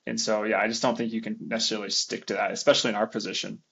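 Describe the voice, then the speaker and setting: Husky man talking shop on dull audio. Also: fairly low pitch, little pitch movement, racing, sharp tone. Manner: thinking aloud, restarts and qualifies. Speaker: podcast host. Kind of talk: casual podcast chat.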